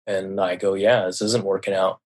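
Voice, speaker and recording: A man's voice: low-pitched, level tone, normal speed. A middle-aged man from the United States, a podcast guest, candidly recounting a painful family story, often repeating himself and swearing. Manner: candid, recounting dialogue, swears freely, many restarts. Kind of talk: personal storytelling.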